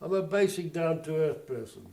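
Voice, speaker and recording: A man's voice: a little high, big pitch swings, moderate pace, vocal fry, darkish tone. An older man from South Africa telling his life story in an oral history interview, plainspoken and digressive.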